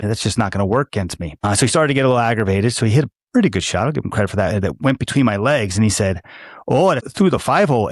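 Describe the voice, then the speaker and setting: A man's voice: on the low side, dry recording, clean studio sound. A man co-hosting a podcast, telling rambling jokey stories in casual chat, from the United States. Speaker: podcast co-host.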